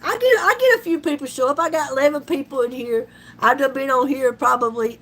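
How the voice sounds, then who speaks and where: A middle-aged woman, chatting on a live stream with folksy slang and frequent laughter. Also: high voice. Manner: laughs often, folksy and loud, down-home slang. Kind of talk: casual live-stream chat.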